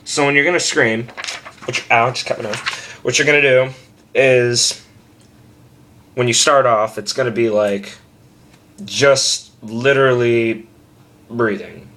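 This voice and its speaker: In this casual vocal tutorial, a young screaming instructor meanders through his lesson at home, full of profanity and self-mockery, as if captured on a plain camera microphone. His medium-pitched voice stays steady and pushed, bright in tone, with a measured pace and frequent pauses.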